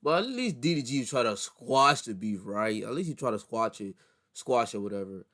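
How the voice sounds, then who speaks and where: A man's voice: mid-range voice, animated, moderate pace, fairly bright tone. A man hosting a reaction video, talking in loose, rambling commentary that stumbles and restarts often.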